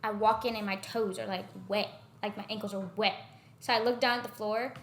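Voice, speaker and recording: A woman's voice: medium pitch, steady tone, a little fast. A young woman guesting on a podcast, retelling a work story casually with many "like" fillers. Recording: echoey room.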